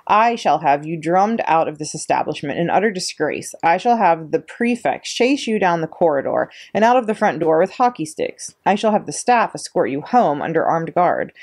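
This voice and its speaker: A woman's voice: lowish voice, a little mellow. Woman reading as a roaring, furious headmistress. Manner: roaring, ranting, barking insults. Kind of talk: storybook read-aloud.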